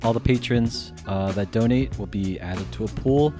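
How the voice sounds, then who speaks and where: Low-ish guy talking over his game clip, rambly and sweary, music playing under him. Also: normal speed. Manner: rambling, many fillers, slides into profane ranting. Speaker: gaming YouTuber. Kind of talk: casual gameplay commentary to camera.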